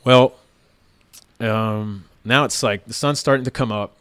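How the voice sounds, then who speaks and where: A man's voice: lowish voice, unhurried, fairly bright tone, clean tone, dry recording, studio quality. A police tactical officer, a man, recounting events in a plain-spoken, casual way with lots of "like" and "right?". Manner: plain-spoken, many fillers like "like" and "right?", occasional swearing.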